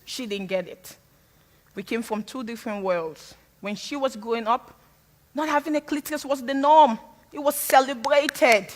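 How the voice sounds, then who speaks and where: On stage before a live audience, a guest speaker from Sierra Leone, for whom English is a second language, tells frank, funny stories with animation. Her voice is a little high and her speed normal, echoing with big-room sound.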